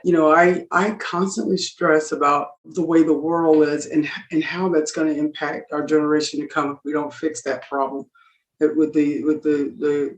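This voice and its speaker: Animated middle-aged woman in a roomy space. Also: sits low. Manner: animated, emphatic storyteller who acts out dialogue. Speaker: guest entrepreneur. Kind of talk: storytelling in a podcast interview. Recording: roomy echo.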